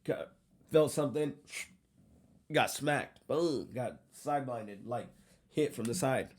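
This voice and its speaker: A man casually telling a story, animated and profane, acting out what people said. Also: medium pitch, slow pace. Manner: animated, profane, acts out quotes.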